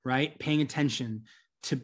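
Middle-aged guy telling a long story on a podcast, acts out voices, normal pitch. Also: measured pace, slightly rough. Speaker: guest, business coach. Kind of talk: conversational interview answer.

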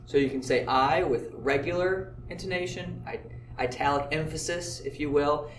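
A man's voice: on the high side, moderate pace, reverberant, far from the mic, slight background noise. A man teaching a math lesson, explaining step by step in an easygoing way with occasional filler words. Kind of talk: classroom lecture video.

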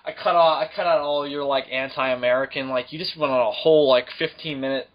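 A man's voice: medium pitch, fairly even intonation, a little fast. A young man co-hosting a casual podcast, laughing often and swearing through his stories. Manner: giggly, swearing storyteller. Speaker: podcast co-host. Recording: dull lo-fi podcast recording.

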